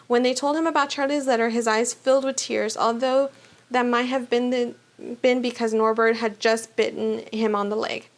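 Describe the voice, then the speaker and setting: A woman's voice: a little high, fairly even intonation, moderate pace. A woman reading a children's novel aloud for a youth book club, with small slips and restarts, then asking trivia questions.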